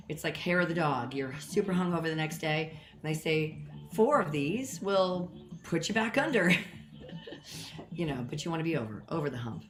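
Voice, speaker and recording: A woman hosts a casual cocktail live stream from home, chatting and rambling with self-deprecating asides while sounding a little out of breath. She's using a built-in mic instead of her usual one, so the audio is lower quality and the room echoes.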